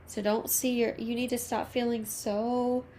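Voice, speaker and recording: A woman reads tarot cards to her viewers in a soft, consoling voice that sounds close to tears. She slows down when she names a card, and faint noise sits under her voice. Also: a little high, level tone. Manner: soft, emotional, reassuring, slow at card pulls. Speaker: tarot reader. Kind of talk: intimate tarot reading to camera.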